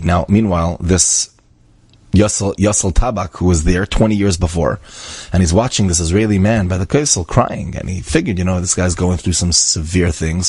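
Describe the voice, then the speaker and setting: A man telling an inspirational story in a chatty, animated way, acting out the dialogue with frequent asides and fillers. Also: low-pitched, breathy edge, no echo.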